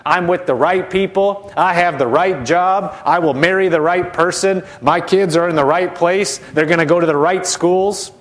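A man preaching a sermon, emphatic and repetitive, dropping soft and low to model spoken declarations. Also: normal speed, few pauses.

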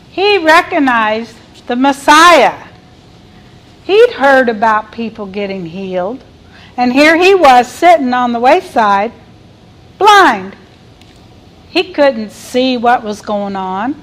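A middle-aged woman delivers a sermon at an unhurried pace. She reads scripture aloud and puts questions to her listeners. Her voice sits a little high. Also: poor audio. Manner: reads scripture aloud and cries out quoted lines loudly. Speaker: preacher.

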